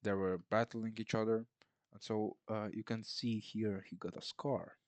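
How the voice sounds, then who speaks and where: A man's voice: lowish voice, flat delivery, moderate pace, a little mellow, dry recording. A man casually recapping a film in a rambling, sarcastic way, mocking the characters. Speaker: film reviewer.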